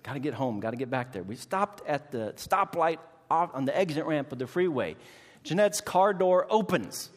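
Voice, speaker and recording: Storytelling pastor in a reverberant hall. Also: male voice, on the high side. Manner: animated storytelling, acts out voices, preachy cadence. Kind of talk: sermon with personal story.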